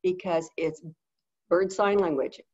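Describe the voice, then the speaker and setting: A woman in a casual webinar talk, telling stories and cooing soft praise as she quotes herself talking to animals. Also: on the low side, fairly even intonation, slow pace, highs cut off. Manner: chatty storytelling, coos softly when quoting praise to animals. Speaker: animal behavior consultant.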